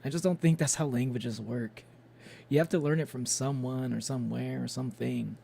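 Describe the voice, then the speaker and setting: A man's voice: medium pitch, steady tone, normal speed, vocal fry, mellow, a little hiss or hum. A man streaming a game, chatting casually and rambling with lots of fillers and little chuckles. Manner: rambling, many fillers and restarts, chuckles often.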